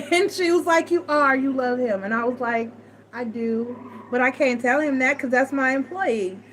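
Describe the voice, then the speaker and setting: A middle-aged woman telling personal stories to a live chat, animated and acting out what others said. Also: high voice, moderate pace, a little hiss or hum, rough recording. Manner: animated, acts out quoted voices, frequent self-restarts. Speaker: tarot reader and live chat host. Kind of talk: casual storytelling to a live chat.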